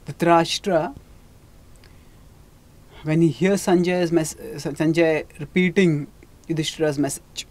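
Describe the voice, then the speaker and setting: Teacher retelling an epic story, calm and explaining, lots of little restarts. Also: mid-range voice. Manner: measured, explanatory, with restarts and fillers. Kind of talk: storytelling lecture.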